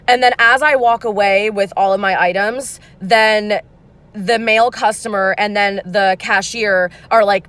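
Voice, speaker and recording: A woman in her twenties, chatty and animated, telling a story as a gig-worker vlogger while in her car. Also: medium pitch, moderate pace. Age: 20s. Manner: chatty, animated, many fillers. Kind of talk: casual storytime vlog.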